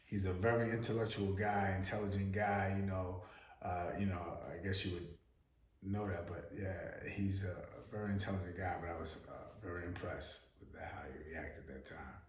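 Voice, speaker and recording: A man's voice: sits low, fairly even intonation, moderate pace, roomy sound. A man hosting a casual story-time vlog, telling an anecdote in a loose way with many fillers and stammered restarts. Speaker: host.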